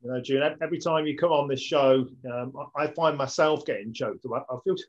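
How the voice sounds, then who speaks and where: A man's voice: medium pitch, fairly quick. A man from Britain hosting a political talk show, talking earnestly and rising to enthusiasm. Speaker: show host. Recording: dull, lo-fi audio.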